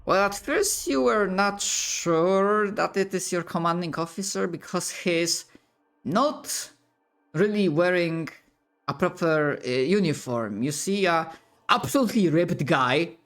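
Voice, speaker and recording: A man narrating a tabletop role-playing scene as game master, halting and full of fillers. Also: high-pitched, fairly bright tone. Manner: slow, halting, with many fillers.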